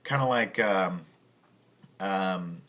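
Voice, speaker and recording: Speaking extremely slowly, a man with a low-pitched, fairly bright voice teaches piano in a casual tutorial. He rambles, starts over again and again, and pauses to scat and sing out rhythm examples.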